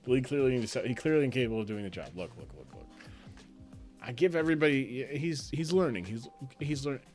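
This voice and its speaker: A man's voice: medium pitch, expressive, fast, darkish tone, soft background music. A man hosting a live stream as league commissioner, chatting loosely, laughing often and trailing off mid-sentence. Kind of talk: casual live-stream banter.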